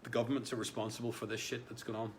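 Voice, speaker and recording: A man's voice: mid-range voice, flat delivery, rapid-fire, a little hiss or hum. A man hosting a casual live stream, reading out viewer comments in a rambling way, with many fillers and repeated words. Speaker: livestream host.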